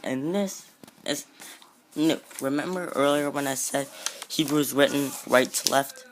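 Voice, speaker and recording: A man giving an informal lesson on an alphabet, unhurried and self-correcting, with jokey asides. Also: mid-range voice, a little hiss or hum. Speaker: amateur teacher.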